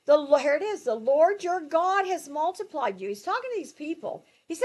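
A woman's voice: high voice, sing-song, brisk, hardly any pauses, a little mellow. A woman teaching through a Bible book to a group, emphatic and conversational, with asides and questions to her listeners.

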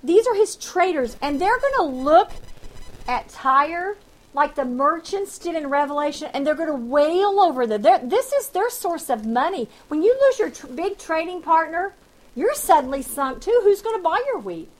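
A woman's voice: extremely high pitch, very animated, normal speed, rough recording. A woman teaching the Bible verse by verse, reading passages with dramatic emphasis and explaining them in a conversational way with sarcastic asides. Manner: reads scripture aloud with dramatic emphasis, then explains it plainly.

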